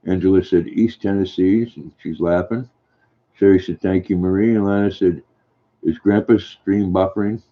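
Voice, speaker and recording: An older man hosting a livestream, reading viewer comments aloud and answering them in a gentle, folksy way. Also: sits low, steady tone, moderate pace. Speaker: livestream host reading chat. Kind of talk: casual chat. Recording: dull lo-fi stream audio.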